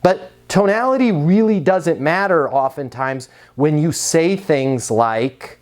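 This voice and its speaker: A man giving a conversational sales coaching talk and pitch, asking rhetorical questions along the way. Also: animated, slow, few pauses, over music. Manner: conversational, asks rhetorical questions, acts out quotes.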